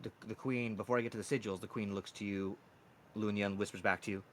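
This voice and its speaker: A man's voice: lowish voice, steady tone, fast talker, slight background noise. A man narrating as dungeon master of a tabletop game, laughing often and slipping into character voices.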